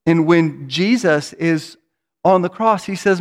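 A man's voice: a little high, takes it slowly. Earnest male pastor preaching a sermon. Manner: earnest preaching, repeats words as he builds a point.

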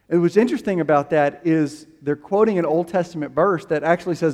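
A man's voice: a little high, lively intonation, a little fast, few pauses, darkish tone, big-room sound. A man preaching a sermon as pastor, telling a story casually with fillers and restarts.

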